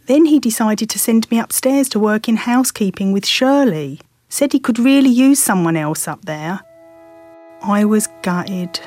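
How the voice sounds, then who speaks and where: A woman's voice: on the high side, darkish tone, no room sound. A middle-aged woman from London with a Cockney accent, telling a first-person story in a wry, self-mocking way. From London, England.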